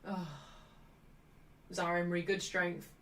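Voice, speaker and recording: A woman hosting a live football watchalong, chatting cheekily and shouting out at refereeing calls. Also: fairly low pitch, completely flat delivery, slow pace, recorded from a distance. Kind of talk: live match watchalong commentary.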